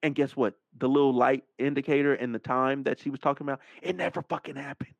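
A man hosting a podcast, telling a story as a casual rant, animated and profane, acting out the other people's lines. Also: medium pitch, fast talker, vocal fry, no room sound. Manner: animated, profane, acts out quoted dialogue. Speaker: podcast host. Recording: dull, dry lo-fi mic sound.

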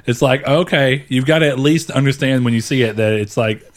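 A man chatting casually on a podcast at a middle pitch. He rambles, restarts his sentences and laughs often. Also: a little fast. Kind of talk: casual chat.

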